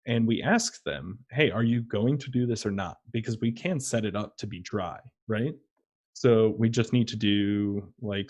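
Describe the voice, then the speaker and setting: A man's voice: fairly low pitch, a little mellow. A young man, a luthier guest on a podcast, telling a story casually, acting out both sides of the talk and laughing often.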